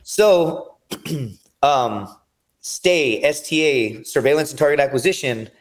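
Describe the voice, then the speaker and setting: A man talking as a podcast guest, telling long rambling stories with lots of swearing. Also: on the high side. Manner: rambling, profane storytelling. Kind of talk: casual chat.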